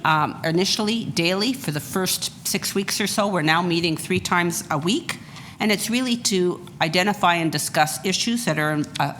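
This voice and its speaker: A woman, a deputy city manager, giving a brisk, organized briefing presentation. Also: on the low side, fairly bright tone, a little hiss or hum.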